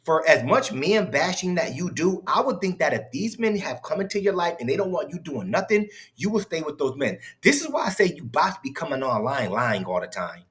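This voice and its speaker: A man's voice: fairly high pitch, very animated, fairly quick, hardly any pauses, a bit bright. A man hosting a reaction commentary, mocking and incredulous, heated and profane as he talks back to a clip. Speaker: commentary host reacting to clips.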